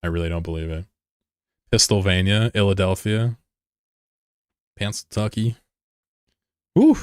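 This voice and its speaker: Speaking at a moderate pace in a smooth, low voice, an American man jokes and rambles with his live-stream audience while answering their chat messages. The audio is clean studio sound with no echo.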